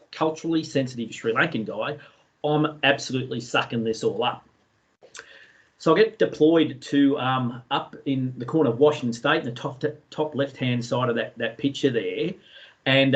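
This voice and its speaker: An Australian man telling a story in a relaxed way, with many fillers, as a guest speaker in an online session. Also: medium pitch, dull audio. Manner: chatty, anecdotal, many fillers.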